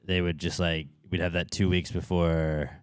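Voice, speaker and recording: A man co-hosts a podcast, chatting casually and telling stories in a clear, resonant voice at a moderate pace. He's an animated storyteller who acts out quotes with big pitch jumps. The recording is dry with clean studio sound.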